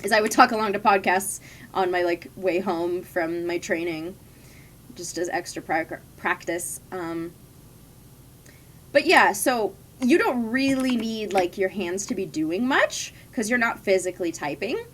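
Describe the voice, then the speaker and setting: Her voice is medium-pitched, unhurried, and a bit bright as this young adult streamer plays and chats. She rambles casually through stories from past jobs, laughing frequently.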